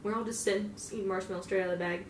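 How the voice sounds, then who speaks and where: A woman's voice: medium pitch, fairly even intonation, very fast. A young woman rambles through a casual in-character monologue, swearing freely and scattering filler words as she goes. She sits some distance from the mic in an echoey room, with a faint hum of ambience behind her. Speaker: fan roleplayer.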